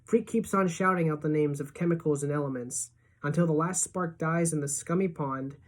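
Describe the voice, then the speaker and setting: A woman teacher reading a novel aloud to her class in a lively storytelling manner. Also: low voice, normal speed.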